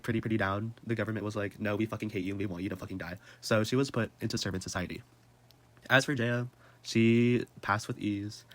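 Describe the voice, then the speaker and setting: A young man talking in a casual, comedic way. His voice sits on the lower side, and his delivery is animated and full of slang, with laughs breaking into his sentences. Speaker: presenter.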